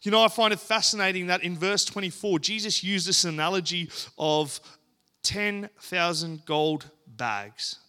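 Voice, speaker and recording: An earnest male preacher delivers a sermon with deliberate pacing and dramatic pauses. His voice sits slightly high and sounds bright and ringing. He rises into emphatic peaks on key words. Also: clean tone.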